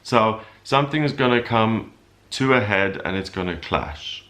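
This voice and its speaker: A man talking through the week's astrology as a horoscope reader, explaining calmly with loose, rambling asides. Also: on the low side, a little slow. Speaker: astrologer giving a weekly horoscope. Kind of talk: casual spoken forecast.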